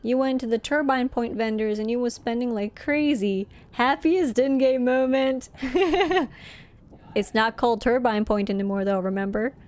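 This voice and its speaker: A woman's voice: a little high, moderate pace, darkish tone. A woman from Norway, chatting casually and giggling often while live-streaming a game.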